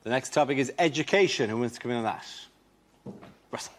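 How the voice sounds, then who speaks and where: A man hosting a comedy panel show in a studio, moving briskly from one comedian to the next. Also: mid-range voice, a little hiss or hum. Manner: brisk, upbeat link lines. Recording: studio with live audience. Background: audience laughter.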